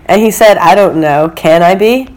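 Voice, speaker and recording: A woman's voice: lowish voice, normal speed, darkish tone. A young woman co-hosting a casual podcast, retelling dating-app messages with a laugh. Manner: chatty storyteller who laughs at her own anecdotes. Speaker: podcast co-host.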